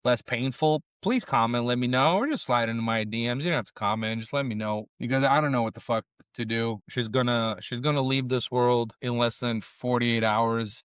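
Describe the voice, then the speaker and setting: A man's voice: medium pitch, moderate pace, few pauses, fairly bright tone, smooth, dry recording. A middle-aged man reviews tacos on camera in a loose, profane ramble, slipping between chewing noises and sad confession. He sounds close to tears, and his voice sits in a middling range. The sound is dry and close. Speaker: food vlogger and comedian. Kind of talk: casual food review vlog. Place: on camera at a taco restaurant.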